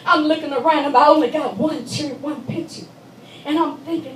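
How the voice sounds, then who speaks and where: A woman's voice: high-pitched, fairly even intonation, moderate pace, slight background noise. A woman performing a dramatic monologue in emphatic, conversational storytelling style at a church meeting. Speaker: stage performer. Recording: echoey hall, voice from a distance.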